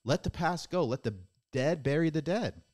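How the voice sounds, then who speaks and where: A man whose voice leans high with a darkish tone speaks expressively at a moderate pace while hosting his own podcast. It's a blunt, preachy motivational monologue, casually sworn through and packed with rhetorical questions for listeners.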